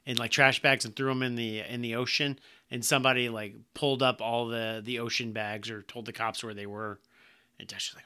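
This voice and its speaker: A man co-hosting a podcast, talking in an animated way, swearing casually and tripping over his words. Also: mid-range voice, a little fast, clean tone. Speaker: podcast co-host. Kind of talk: casual chat.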